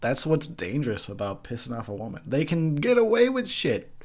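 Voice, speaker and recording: Brief: tipsy male host, profane rants, lots of laughter, pitch that swings all over. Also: wildly swooping pitch, fairly quick, darkish tone. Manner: profane, ranting, laughs a lot. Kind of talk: drunk movie commentary.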